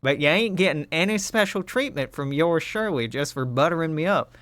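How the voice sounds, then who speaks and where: A man's voice: high-pitched, sing-song, normal speed, bright, forceful tone, no echo, pitched above the performer's own voice, heavily acted. A man voicing a brash, bossy woman surveyor in a game, drawling with a put-on accent. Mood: teasing.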